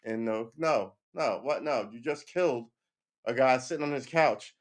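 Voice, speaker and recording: A man's voice: mid-range voice, normal speed. A man hosting a casual livestream, ranting with heated emphasis, swearing often and checking in with "right?" between points. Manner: keeps asking "right?" and laughs between points. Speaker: livestream host.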